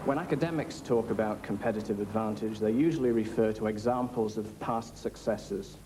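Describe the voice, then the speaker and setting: A man's voice: fairly low pitch, fairly quick, dark tone, a little hiss or hum, rough recording. A man speaking as an academic commentator, fluent and lecturing. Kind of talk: explanatory interview talk.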